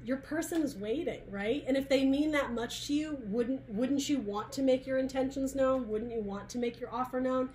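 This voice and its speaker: A woman's voice: sits high, normal speed, few pauses, a little mellow, a little hiss or hum. A woman reading tarot cards in a chatty, searching way, full of restarts and asides. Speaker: tarot reader. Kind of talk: casual tarot reading monologue.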